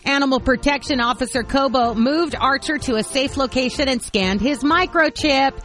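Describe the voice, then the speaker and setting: A woman hosting a morning radio show, chatting casually and playfully with animated asides. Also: fairly high pitch.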